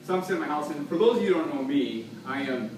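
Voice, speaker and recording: A man giving a mocking roast speech at a party, telling stories in a deadpan way into a handheld mic. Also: fairly high pitch, very fast. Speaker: roast speaker. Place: party room with gathered guests. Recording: roomy, distant mic with room noise.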